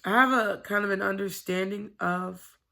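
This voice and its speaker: A woman with a bright, gravelly voice confides in her camera at home. She rambles candidly and swears freely, in casual confessional chat. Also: mid-range voice, steady tone, normal speed. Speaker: vlogger.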